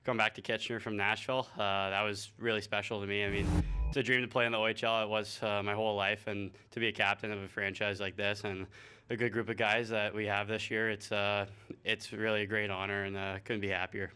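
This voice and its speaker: A young man, a hockey player, answering interview questions in a halting way with many fillers. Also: on the low side, flat delivery, pushed and bright, smooth. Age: young adult. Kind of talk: post-game interview.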